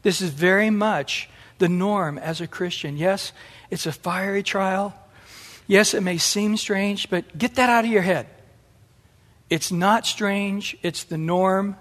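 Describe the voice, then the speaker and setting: A middle-aged man preaching a sermon in an animated way, acting out the voices he quotes. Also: high-pitched, slow pace. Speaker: pastor. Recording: long hall reverb.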